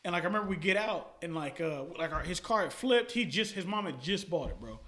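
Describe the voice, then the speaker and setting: A man talks fast and animatedly, his voice high-pitched and bright. He tells stories in casual, slangy, profane chat as a podcast guest and laughs often. The room around him is echoey. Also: expressive.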